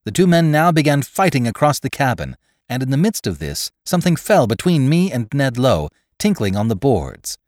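A man reading a classic adventure story aloud as scripted narration, in a measured, expressive way. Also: mid-range voice, no room sound, studio quality. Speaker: audiobook reader.

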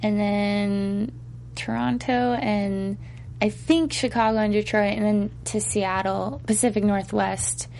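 A woman singer chats slowly and unhurriedly in an interview, pausing often and filling gaps with little hums and laughs. A faint hum sits behind her voice. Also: mid-range voice, steady tone, vocal fry, a little mellow. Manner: hesitant, pauses with many fillers, laughs easily. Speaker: singer guest. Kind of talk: casual interview chat.

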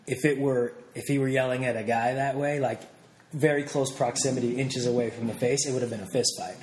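A man's voice: medium pitch, fairly even intonation, fairly quick, a little mellow, reverberant, slight background noise. Candid, chatty man guest. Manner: candid, laughing, with many fillers and restarts. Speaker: interview guest. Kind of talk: casual interview chat.

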